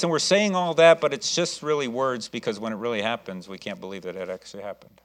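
Animated man preaching a sermon. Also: mid-range voice, fast, few pauses. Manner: animated preaching, acting out voices of the story. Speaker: pastor.

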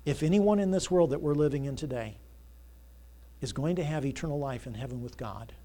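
Emphatic preaching man, fairly high voice. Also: a little fast. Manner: call-and-response questions, rising to loud emphatic preaching. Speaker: pastor. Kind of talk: sermon. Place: church sanctuary. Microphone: church sound system mic.

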